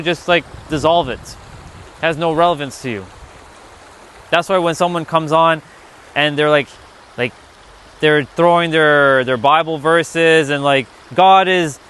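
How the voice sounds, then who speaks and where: A man's voice: a little high, sharp tone, slight background noise. A man hosting a casual spiritual livestream, rambling loosely, reading the chat and swearing now and then.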